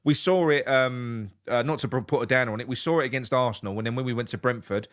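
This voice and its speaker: A man talks quickly and restlessly about the match. He repeats words as he gathers his thoughts and swears freely. He speaks in a middle-pitched voice. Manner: animated, swearing, repeats himself. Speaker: fan co-host. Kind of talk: casual football reaction chat.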